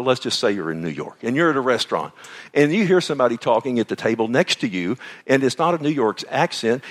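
Preaching man, loud to hushed. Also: medium pitch. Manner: preaching with call-and-response questions. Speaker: pastor. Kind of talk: sermon.

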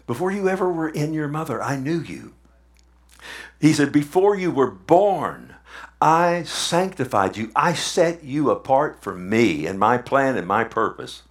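A man's voice: medium pitch, big pitch swings, measured pace. A man preaching a sermon in a conversational way, asking the congregation questions and repeating words for emphasis. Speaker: pastor.

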